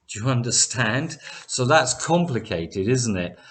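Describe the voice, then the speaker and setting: Slow, low-voiced male English teacher. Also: lively intonation, fairly bright tone. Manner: slow, careful explanations with repeated example words. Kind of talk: online English lesson.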